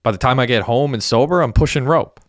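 A man's voice: medium pitch, quick pace, no echo, clean studio sound, voice pushed up, natural voice. A man voicing a laid-back young man who talks in a casual, mildly defensive way.

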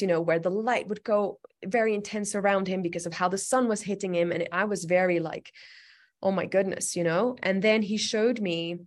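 A woman telling a personal story as an interview guest, earnest and chatty, with many "like" and "you know" fillers. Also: mid-range voice.

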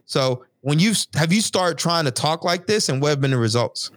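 Upbeat guy hosting a business podcast, kinda high voice, lots of slang, dry close mic. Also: normal speed, no echo. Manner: animated, slangy, says "yo" and "et cetera" often. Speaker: podcast host and business coach. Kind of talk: energetic casual interview.

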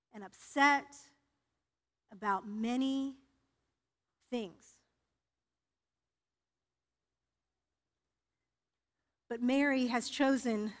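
A woman preacher voicing a gentle male teacher who speaks slowly and softly as he corrects someone. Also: high voice. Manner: slow, soft, drawn-out.

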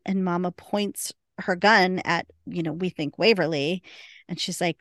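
A woman with a lowish voice chats through a TV episode on a podcast, acting out the characters' lines as she goes. She laughs easily, and her voice sits close and dry on the mic with no room around it. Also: normal speed, dry recording. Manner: retells scenes with quoted lines, laughs often. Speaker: podcast co-host. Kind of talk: casual recap chat.

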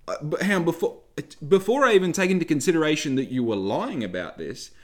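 A man's voice: on the high side, very animated, fairly quick, few pauses. Profane ranting Australian man. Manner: profane, ranting, rhetorical questions. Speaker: podcast host. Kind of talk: comedic rant podcast.

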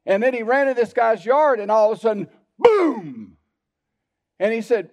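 A male pastor delivers a sermon in a church sanctuary with a very high, slightly mellow voice that swings widely in pitch at a normal speed. He tells personal stories folksily, frequently addressing the congregation directly, and the recording is dull and lo-fi.

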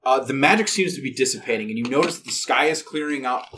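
A man's voice: mid-range voice, quick pace, a bit bright. A man narrating as game master of a tabletop game, rambling with many fillers and restarts. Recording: distant mic, faint background noise.

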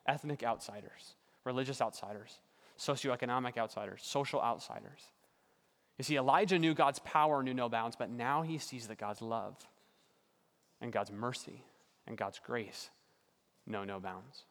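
A man preaching a sermon as pastor, earnest, building points through repetition and dropping to quiet emphasis. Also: medium pitch, normal speed, in a large hall.

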